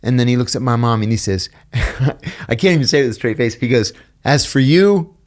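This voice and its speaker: A man's voice: medium pitch, a little fast. A middle-aged American man, a podcast guest, telling personal stories in casual talk and acting out the people he quotes. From United States. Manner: animated storyteller, acts out quoted voices, laughs at own stories. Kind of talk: casual storytelling interview.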